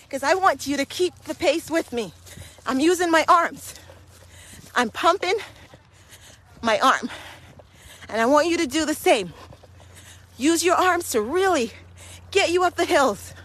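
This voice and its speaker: A woman's voice: sits high, animated, measured pace, pauses often, a bit bright. A woman guiding a hill walking workout while out of breath, encouraging and motivating listeners as she climbs outdoors. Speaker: fitness coach. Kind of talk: guided walking workout podcast.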